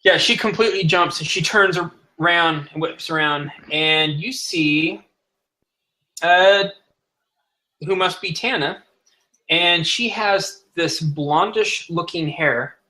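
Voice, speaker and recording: A man's voice: on the high side, slow, bright, forceful tone, low-quality recording. A man narrating as game master of a tabletop game, describing scenes in a loose, rambling way.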